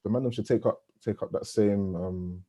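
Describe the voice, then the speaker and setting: A man's voice: on the low side, moderate pace, dark tone. A man co-hosting a podcast, bantering in laid-back slang. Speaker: podcast co-host. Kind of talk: casual chat.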